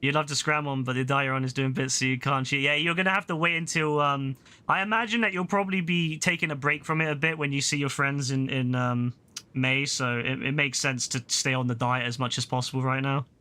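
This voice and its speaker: Man, live game streamer, slangy and excitable, swears casually, bright tense tone. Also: mid-range voice, a little fast, clear, resonant tone. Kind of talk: live gameplay stream, chatting with chat.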